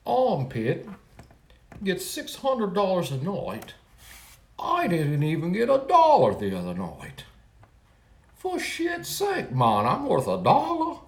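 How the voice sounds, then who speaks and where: Guy doing a bragging true-crime streamer, low voice that swoops all over, rambly and full of himself, echoey room. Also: slight background noise. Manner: rambling, self-aggrandizing, swings between loud complaints and hushed asides. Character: boastful self-important male true-crime livestreamer. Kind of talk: parody livestream monologue.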